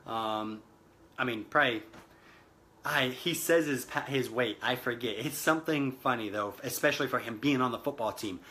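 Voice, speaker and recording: A man's voice: mid-range voice, normal speed, pushed and bright, a little hiss or hum. A man giving an earnest motivational talk, retelling a film scene, calling his listeners guys and repeating phrases for emphasis. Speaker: motivational speaker.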